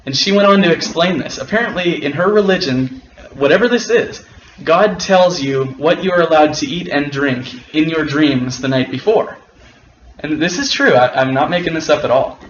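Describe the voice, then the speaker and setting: A man with a fairly high voice tells a personal story casually and wryly, taking his time. The sound is roomy and a little dull, with a faint hiss underneath. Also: normal speed. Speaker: guest storyteller. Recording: roomy, dull and slightly noisy.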